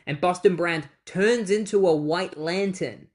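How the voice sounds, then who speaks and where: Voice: mid-range voice, measured pace. A comic book reviewer casually recapping issues, mixing plot summary with chatty personal asides. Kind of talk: casual retrospective narration.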